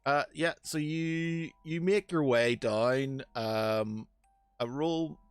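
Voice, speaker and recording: A man's voice: medium pitch, clean tone, no room sound. Guy running a d&d game, lots of ums, dry close sound, faint music. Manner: halting, lots of fillers and restarts. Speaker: game master. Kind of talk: narrating a tabletop game.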